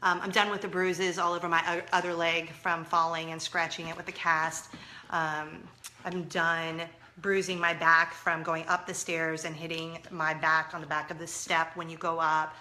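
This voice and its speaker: A woman in her thirties chatting to camera as a parenting vlogger, expressive and moving between loud and hushed. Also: sits low, normal speed, slight background noise. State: injured, in a leg cast. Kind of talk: casual chat to camera.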